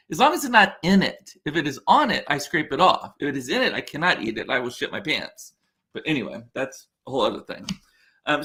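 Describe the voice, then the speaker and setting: A man's voice: on the high side, fairly bright tone. A man hosting a podcast, chatting casually and rambling, often interrupting himself as he answers viewers. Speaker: podcast host. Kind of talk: casual chat reading viewer comments.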